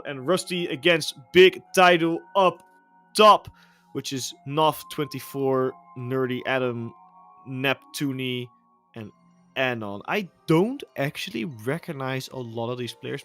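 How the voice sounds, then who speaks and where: A man casting a competitive video game match, with play-by-play commentary that gets loud and energetic during the action. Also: fairly high pitch. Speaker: esports caster.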